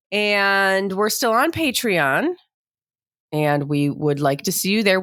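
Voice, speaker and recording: A woman's voice: medium pitch, a bit bright, no echo, clean studio sound. A woman co-hosting a podcast in casual chat, chatty and self-deprecating, often laughing. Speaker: podcast co-host.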